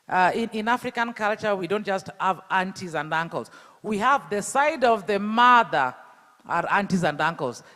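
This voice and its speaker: A man's voice: sits high, a bit bright, long reverb tail. A man from Kenya with a Luo accent, giving an emphatic public talk full of rhetorical questions to the audience. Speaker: speaker at an education event.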